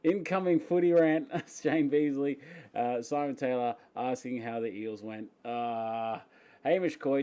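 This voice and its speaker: An Australian man hosting a casual live-stream Q&A from his home, chatty and quick to laugh as he greets viewers by name. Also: medium pitch, mellow, clear, resonant tone. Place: home, upstairs room.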